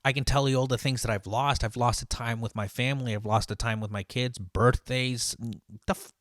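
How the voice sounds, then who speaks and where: A man who works as a line cook vents in a loose, profane monologue. His voice sits at an ordinary middle pitch, and the recording is dry with no room sound. He fills his talk with "like" and "dude" and keeps circling back as he speaks. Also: fairly even intonation, fairly quick, no room sound. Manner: profane and heated, heavy on "like" and "dude"; rambling with frequent restarts. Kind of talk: casual storytelling monologue.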